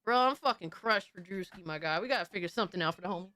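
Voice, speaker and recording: A woman hosting a casual livestream, talking to her chat in a profane, animated, slangy way. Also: on the low side, racing, no room sound. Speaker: livestream host reading chat.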